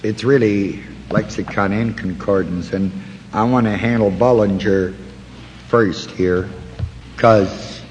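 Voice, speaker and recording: Slow, deliberate man teaching Bible study. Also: lowish voice, fairly even intonation, big-room sound, faint music behind, low-quality recording. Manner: slow, deliberate, pausing to point out references.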